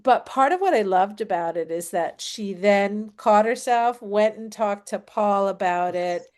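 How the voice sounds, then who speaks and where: Brief: woman host, reflective and affirming, mid-pitched, casual chat. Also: unhurried, darkish tone. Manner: reflective, therapist-like, frequent affirmations. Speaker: host of a show reaction chat. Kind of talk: casual discussion.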